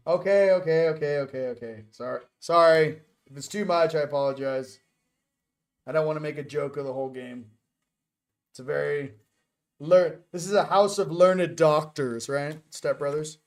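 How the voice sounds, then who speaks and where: A man's voice: on the high side, normal speed. A man hosting a casual morning chat, joking and rambling as he goes. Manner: joking, rambling, self-interrupting. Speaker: host.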